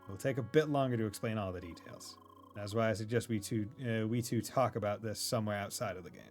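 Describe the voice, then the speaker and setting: Streamer playing a measured, formal go-between, slightly low. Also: male voice, a little mellow, faint music behind, close to an everyday voice. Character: formal, secretive adult man.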